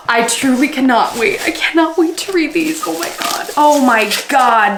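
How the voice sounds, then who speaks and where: A woman's voice: sits high, animated, moderate pace, hardly any pauses, reverberant, background noise. A young woman in her twenties chatting casually in a vlog, gushing and full of fillers as she unboxes things. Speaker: book vlogger.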